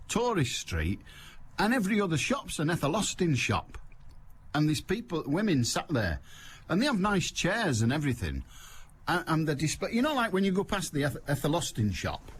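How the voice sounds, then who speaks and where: Older Mancunian phone-in host, wry comic patter, animated delivery. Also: male voice, a little high, slight background noise. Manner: wry, teasing, laughs at his own jokes. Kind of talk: comic radio monologue. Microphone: studio microphone.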